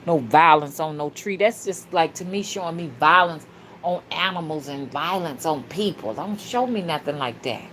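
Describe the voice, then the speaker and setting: A woman hosting a spiritual livestream, talking fervently and casually to her viewers, with sudden loud shouts. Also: low voice, moderate pace, slight background noise. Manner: casual and slangy, calls listeners "y'all" and "honey". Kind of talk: livestream talk reading viewer comments.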